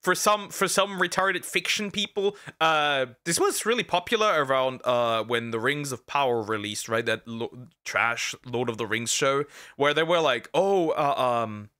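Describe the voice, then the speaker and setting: A man casually reacting to a video, animated and crude, laughing often and tripping over repeated words. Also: mid-range voice, normal speed, few pauses.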